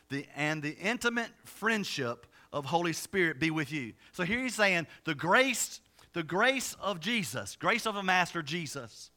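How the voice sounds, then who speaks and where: A male pastor preaching in a lively, conversational way, stumbling over words and tossing in asides to his congregation. His voice sits high for a man and has a bright, forceful edge. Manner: energetic, conversational, many restarts and asides. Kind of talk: sermon.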